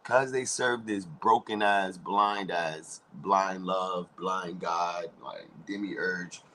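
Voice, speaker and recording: Low-voiced man ranting loudly. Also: steady tone, takes it slowly, slight background noise, poor audio. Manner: loud and rambling, shifting between shouts and hushed asides; profane and confrontational. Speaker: vlogger. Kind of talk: freewheeling spiritual rant.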